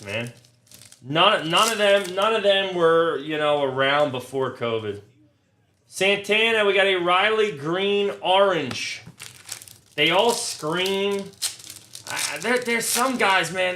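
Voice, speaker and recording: A male card-break host calls out each card and keeps breaking into blunt, profane, sarcastic rants. His voice is bright and forceful, and it sits slightly high. It echoes in a roomy space, with wrappers crinkling and faint noise behind. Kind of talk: casual live card-break commentary. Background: crinkling card wrappers, clicks.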